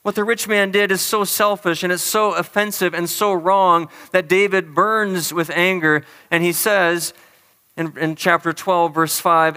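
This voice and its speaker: A man delivers a sermon from the pulpit in a bright, smooth, resonant voice that sits a little high for a man. He preaches earnestly, slowing down to press on the important words. His voice carries a long hall reverb. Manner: earnest, emphatic preaching with slow stressed phrases. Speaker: pastor.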